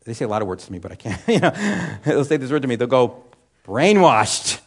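A man's voice: mid-range voice, animated, racing. A man teaching a sermon in a conversational way, asking the room questions and answering them himself. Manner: conversational, with frequent "you know" and restarts. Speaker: Bible teacher.

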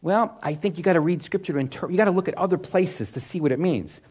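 A higher-voiced man preaching a sermon. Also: fast, a little mellow, husky. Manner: asks rhetorical questions and answers them himself; conversational, with frequent "you know" and restarts. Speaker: Bible teacher. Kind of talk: sermon teaching.

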